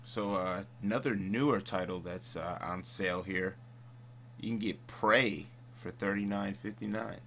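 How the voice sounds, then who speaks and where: A man with a somewhat low voice co-hosts a casual gaming podcast. He sounds laid-back and chuckles easily while listing game deals. A faint electrical hum sits under the recording. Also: measured pace, vocal fry, a bit bright. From Midwest. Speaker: podcast co-host.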